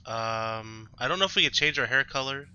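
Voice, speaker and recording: A man's voice: medium pitch, lively intonation, moderate pace, pushed and bright, clean tone. A man hosting a let's-play, rambling through casual gameplay commentary at home and often correcting himself. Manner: rambling, self-correcting, chatty. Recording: slightly dull lo-fi mic.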